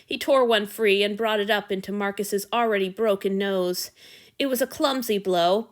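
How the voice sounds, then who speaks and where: A woman narrating a fan fiction story aloud in a steady, expressive reading. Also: mid-range voice.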